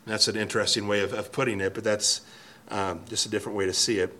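A man's voice: fairly low pitch, a little fast, sharp tone. A man preaching an expository sermon from a church pulpit, earnest and emphatic, often restarting and repeating words. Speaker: pastor.

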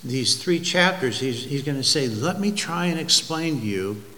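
A man preaching a sermon, telling an illustration slowly and deliberately, with pauses and restarts. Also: mid-range voice, animated, pushed and bright. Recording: long hall reverb, faint ambient noise.

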